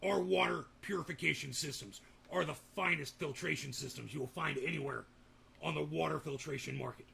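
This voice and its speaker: A man doing a booming, boastful online pitchman. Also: fairly quick, gravelly, pushed and bright, a little hiss or hum, full character voice. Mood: hard-selling. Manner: booming hard-sell, boastful superlatives. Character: bombastic male online water-filter pitchman.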